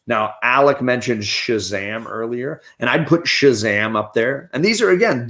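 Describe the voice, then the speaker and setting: A man's voice: fairly low pitch, fairly bright tone. A man hosting a casual review show, talking through his opinions on films in a chatty, opinionated way with frequent restarts. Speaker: comic and movie reviewer, show host.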